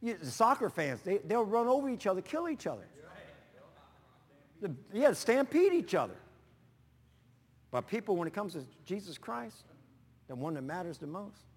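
A man pastor preaching through folksy personal stories, animated and prone to sudden loud bursts. His voice sits fairly high. The long reverb of a large hall trails each phrase. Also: moderate pace, long pauses, slightly rough.

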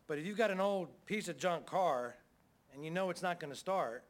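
Middle-aged male pastor, folksy conversational sermon, fairly high voice, amen after amen. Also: expressive, moderate pace.

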